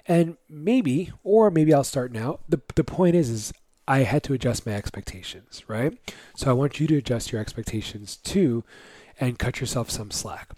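A man's voice: medium pitch, dark tone, dry recording. A man hosting a fitness podcast for dads, talking casually with lots of fillers and acting out his own inner voice. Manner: keeps checking in with "right?". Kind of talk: solo podcast pep talk.

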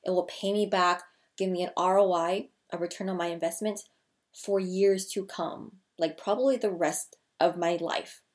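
A woman in her thirties, a people skills coach, talking straight to her viewers in an energetic way and repeating key phrases for emphasis. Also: lowish voice, moderate pace. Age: 30s. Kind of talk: scripted-feeling casual vlog talk to camera.

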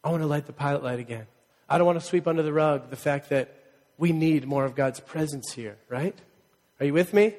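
Animated preacher in a reverberant hall. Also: male voice, fairly high pitch, fairly quick. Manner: call-and-response, animated and joking. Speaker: pastor. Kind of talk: sermon. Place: church sanctuary. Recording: long reverb of a church hall.

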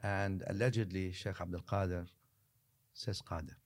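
A man of middle pitch tells a story as a podcast guest, recorded on a studio mic. He is animated and then sinks to a hushed near-whisper for the dramatic moments, slipping Arabic phrases into his English. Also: normal speed. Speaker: guest religious scholar.

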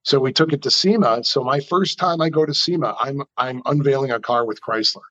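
Animated New storyteller man. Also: mid-range voice, brisk, lo-fi sound. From New York. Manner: animated, chatty storyteller who acts out quotes. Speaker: custom car builder. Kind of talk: storytelling in an interview.

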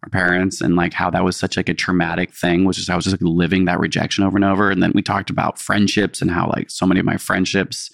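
A man's voice: low-pitched, monotone, fast, vocal fry, hardly any pauses, fairly bright tone, no echo, clean studio sound. A young man co-hosting a podcast, chatting casually and telling a story, often acting out what people said. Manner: storytelling, acts out quoted voices. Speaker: podcast co-host. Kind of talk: casual chat.

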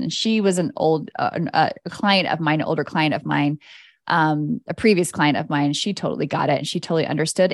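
A woman's voice: fairly low pitch, dry recording, studio quality. A woman hosting a podcast as an energy coach, talking in a casual, candid monologue. She swears freely and laughs often.

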